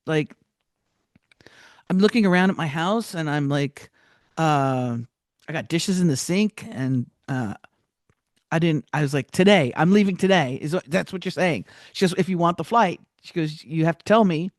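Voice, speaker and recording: A woman telling a personal story as a podcast guest, animated, with many restarts and acted-out quotes. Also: low-pitched, moderate pace, no room sound, studio quality.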